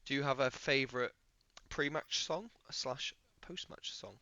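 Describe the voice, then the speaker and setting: A man's voice: mid-range voice, unhurried, sharp tone, highs cut off. A man co-hosting a casual podcast interview, teasing and laughing as he asks questions. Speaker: podcast co-host.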